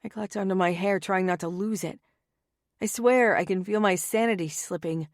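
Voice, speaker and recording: Woman, first-person romance audiobook narration, wry and anxious, close dry studio sound, mid pitch. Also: moderate pace, no room sound.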